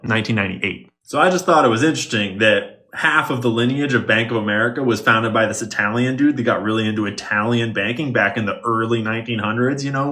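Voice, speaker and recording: A man walks through a tangled money trail like an online commentator sharing a discovery. His tone is wry and conspiratorial, and he slips in dry, sarcastic asides. His voice sits at an ordinary middle pitch. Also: bright, forceful tone. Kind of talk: explainer monologue.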